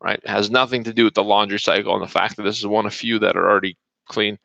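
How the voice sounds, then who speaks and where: Gravelly, forceful male trading host. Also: on the low side, steady tone, fast, dry recording. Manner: casual, chatty, greets viewers by name. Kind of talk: live market update stream. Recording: dull lo-fi stream audio.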